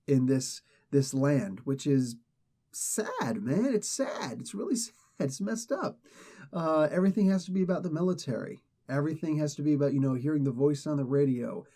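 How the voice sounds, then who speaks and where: A man's voice: medium pitch, warm tone. A man casually reviewing a comic book, rambling and correcting himself as he gives his opinions. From not British.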